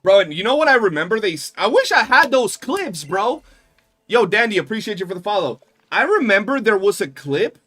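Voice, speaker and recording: Animated, swearing male streamer. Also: high voice. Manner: animated, profane storytelling. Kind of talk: casual livestream chat.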